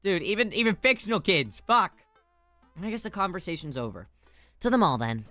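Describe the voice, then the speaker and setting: A woman's voice: on the low side, very animated, fairly quick, a bit bright, no room sound. A woman streaming a game, chatting playfully with viewers, swearing and laughing as she reacts. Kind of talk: casual game streaming chat.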